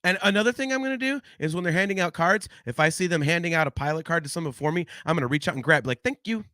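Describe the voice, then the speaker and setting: A man hosting a casual podcast chat, animated and rambling, swearing freely into a close microphone. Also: a little high, racing, dry recording. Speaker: podcast host.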